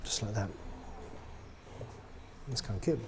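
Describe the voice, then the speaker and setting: A middle-aged man casually demonstrating how to pose and reset a doll's joints, relaxed and chatty, with many ums, trailing off quietly at the ends of phrases. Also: on the low side, a little slow, background noise. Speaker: doll maker demonstrating a product.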